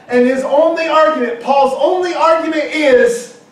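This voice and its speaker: A middle-aged man preaching a sermon, emphatic, at times shouting and acting out quoted objections. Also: very high voice, moderate pace. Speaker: pastor. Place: church hall. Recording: very echoey hall from far off.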